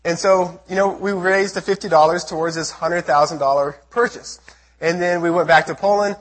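Man from the United States, missionary testimony sermon, earnest storytelling, husky high voice. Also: fairly even intonation, moderate pace, a bit bright. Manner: earnest storytelling, acts out his own prayers and quotes. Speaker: missionary speaker.

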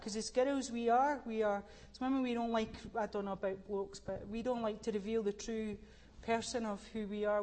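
A Scottish woman answering on a church panel. She speaks earnestly in a flat, even tone and restarts her sentences often. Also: medium pitch. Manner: halting, many restarts, earnest.

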